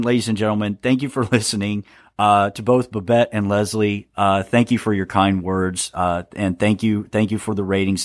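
A man's voice: fairly low pitch, dry recording, clean studio sound. Sarcastic rambling male podcast host. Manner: sarcastic, rambling, stammers and laughs. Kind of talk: solo podcast monologue.

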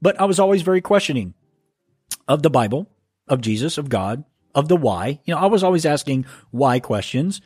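A man's voice: on the high side, very animated, fairly quick, darkish tone, slightly rough, no echo, clean studio sound, soft background music. A man hosting a podcast, reading listener mail aloud and commenting on it in a casual monologue. He often stumbles and restarts when he reads. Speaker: podcast host. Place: home.

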